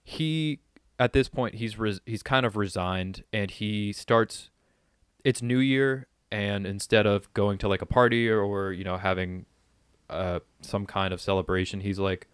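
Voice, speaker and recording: A man with a lowish, smooth, clear voice recaps a film's plot on a podcast. He talks in halting, reflective phrases, and the recording is dry and close. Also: fairly even intonation, no room sound. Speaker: podcast co-host. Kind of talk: casual movie discussion.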